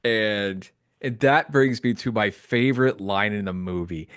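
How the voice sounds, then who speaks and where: A man hosting a casual podcast chat, excitable, laughing often and quoting lines. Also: lowish voice, a little slow, clean tone, no echo, studio quality. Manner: excitable, laughs often, quotes the film in character. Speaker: podcast host.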